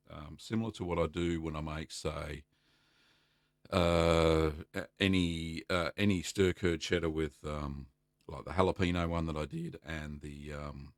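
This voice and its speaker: Gravelly, easygoing Australian man. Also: rumbling low, no echo, studio quality. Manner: relaxed, chatty, many ums and uhs, greets viewers by name. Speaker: livestream host answering cheesemaking questions. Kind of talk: casual live stream chat.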